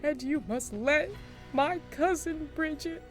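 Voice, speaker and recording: A woman voicing a theatrical woman who fakes a saintly death, speaking slowly and melodramatically. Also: sits high, soft background music, pitched above the performer's own voice. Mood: solemn. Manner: slow, solemn, melodramatic.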